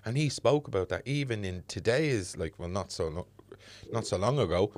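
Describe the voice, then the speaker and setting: A man's voice: fairly low pitch, expressive, moderate pace, a little mellow, a little hiss or hum. A middle-aged Dublin man hosting a podcast, talking earnestly and reflectively with plenty of fillers. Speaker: podcast host. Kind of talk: casual podcast conversation.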